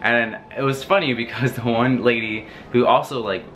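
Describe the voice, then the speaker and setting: A young man telling a story in a casual, animated way, laughing often and swearing freely. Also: medium pitch, normal speed, a little hiss or hum. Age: young adult. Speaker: vlogger.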